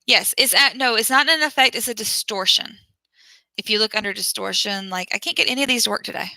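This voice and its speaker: A chatty woman with a fairly high, bright voice that has a gravelly edge. She talks casually to viewers from a home teaching setup, laughs often and trails off mid-sentence while she searches her screen. The sound is dry and close. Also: fast talker, no echo, rough recording. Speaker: online teacher. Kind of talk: casual livestream chat with viewers.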